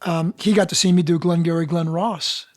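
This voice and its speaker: A man with a fairly high voice talks as a podcast guest. He tells his stories with animation and acts out the people he quotes. He speaks as a seasoned actor and dialect coach. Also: fairly even intonation, moderate pace. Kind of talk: casual interview storytelling.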